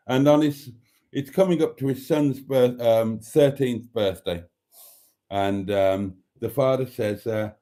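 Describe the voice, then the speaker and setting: A man's voice: mid-range voice, takes it slowly, long pauses, dark tone. A man hosting a live stream, chatting casually, reading out viewer comments and telling a long rambling joke. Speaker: livestream host.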